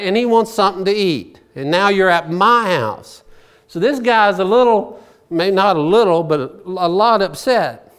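Animated folksy male preacher. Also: high-pitched, unhurried, smooth. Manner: folksy storytelling with personal asides. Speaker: pastor. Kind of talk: sermon.

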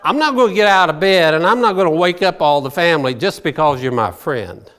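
A male pastor preaching a sermon in a folksy, storytelling way, full of personal asides. His voice sits fairly high and swings widely in pitch, lively from phrase to phrase. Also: a little fast.

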